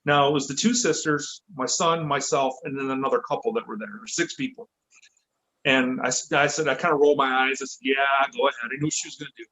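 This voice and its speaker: A man's voice: medium pitch, a little fast, low-quality recording. Man from Michigan telling a story. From Michigan, USA. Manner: lively, self-correcting, acts out quotes. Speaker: podcast guest. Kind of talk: casual storytelling.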